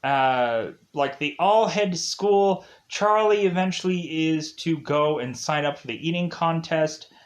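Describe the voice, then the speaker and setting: A man with a slightly high voice talks through a show's episodes like a casual reviewer. He rambles, fills nearly every pause with "like" and "uh", and chuckles at the silly plot. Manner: rambling, leans heavily on "like" and "uh"; laughs at the plot while recapping. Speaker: TV show reviewer.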